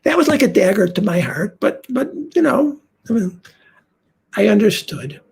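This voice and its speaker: An older man telling a heartfelt first-person story on stage, confiding and dropping to a hush for quoted lines. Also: sits high, sing-song, moderate pace, creaky, slightly rough.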